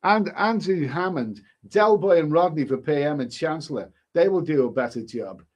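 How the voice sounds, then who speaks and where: A man's voice: a little high, animated, moderate pace, muffled recording. Chatty man with a giggly ramble. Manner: rambling, chuckling, frequent restarts and "bloody". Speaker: live-stream host reading viewer comments. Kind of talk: casual live-stream chat.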